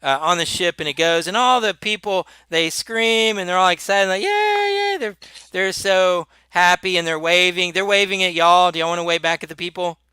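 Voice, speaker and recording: A man narrating as game master of a tabletop role-playing game, with many halting restarts. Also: sits high, steady tone, sharp tone, clean tone, no echo.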